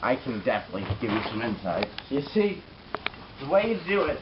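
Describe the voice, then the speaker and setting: A man's voice: mid-range voice, big pitch swings, a little fast, muffled recording, background noise, close to an everyday voice. A man playing a boastful, crude pro scooter rider in a mock interview comedy sketch, rambling and bragging.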